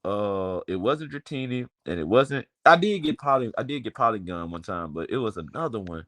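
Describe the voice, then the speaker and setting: On stream, a Southern-accented twenty-something from Memphis chats casually, mixing profane slang into long rambling tales. His voice is on the low side and a bit bright, with lively intonation and a fairly quick pace.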